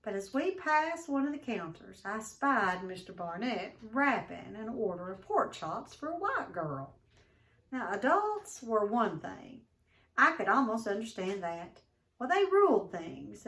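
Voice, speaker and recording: A woman teacher reads a novel aloud with expressive storytelling, stopping now and then to question her class. Her voice sits mid-range for a woman. The sound is distant, picked up from away from the mic. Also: medium pitch, a little slow.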